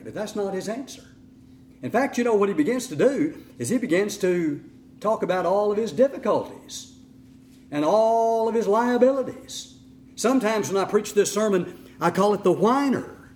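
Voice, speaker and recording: A middle-aged man preaching a sermon in an animated way, sometimes mimicking whiny voices. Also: sits high, moderate pace, echoey room, a little hiss or hum. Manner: animated, acts out whining voices.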